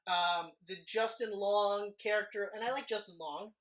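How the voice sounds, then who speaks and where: A man's voice: high-pitched, steady tone, normal speed, a bit bright. A man in his thirties, co-hosting a casual movie podcast, who rambles, swears freely and fills his talk with "like.". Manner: rambling, profane, lots of "like". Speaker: podcast co-host.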